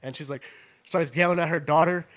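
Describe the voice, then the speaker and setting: Young man, high voice, laughing and swearing. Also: fairly quick. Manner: profane, animated, laughs while telling stories. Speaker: podcast host. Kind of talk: casual storytelling.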